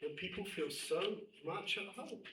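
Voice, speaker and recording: A middle-aged man, a rabbi, lecturing women students and telling a personal story with emphatic, animated delivery. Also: sits high, moderate pace, a crowd in the background. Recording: echoey room, distant mic, faint noise.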